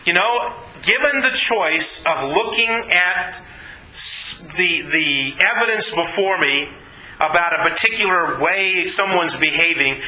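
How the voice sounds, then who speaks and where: A man's voice: sits high, pushed and bright, reverberant, rough recording. A man preaching a sermon in an earnest, conversational way, often repeating his phrases. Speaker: pastor.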